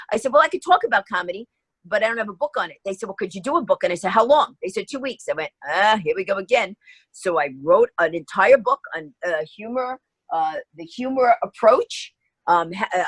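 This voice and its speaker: A woman's voice: a little high, a bit bright, slightly rough, no echo. A middle-aged woman guest telling a story in a podcast interview, acting out both sides of the dialogue. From New York.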